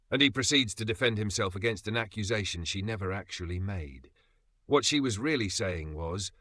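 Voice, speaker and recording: A man reads self-help narration in a low voice with a bright, forceful edge. He explains each point in a steady, even way. The recording is dry and close, with no room sound. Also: moderate pace, no echo. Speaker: audiobook narrator.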